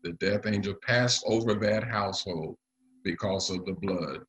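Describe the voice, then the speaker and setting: A man preaching a sermon to his congregation, often pausing with fillers. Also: sits low, fairly bright tone, rough recording. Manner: leads the congregation in call and response; halting, with frequent pauses and fillers. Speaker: pastor.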